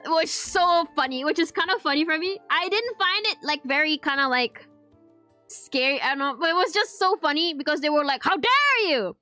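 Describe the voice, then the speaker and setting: A VTuber streamer with a high, sparkly voice holds a casual Q&A chat, answering viewers' questions fairly quickly. She giggles often, rambles, restarts sentences and drops in Malay words. Soft music plays faintly underneath.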